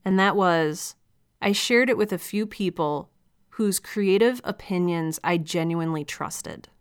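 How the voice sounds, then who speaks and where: A woman's voice: on the low side, a little slow, clear, resonant tone. A young woman hosting a podcast, speaking candidly and reflectively in casual solo talk, with light laughs as she goes. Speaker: podcast host and audio drama creator.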